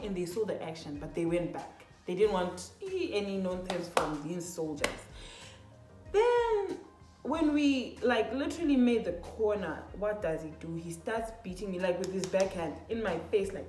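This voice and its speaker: Talking to her viewers as "guys," a young woman vlogger shares a personal story in a casual, animated way, leaning heavily on "like" and "literally." She has a mid-range voice at normal speed, and the sound is roomy with faint background music.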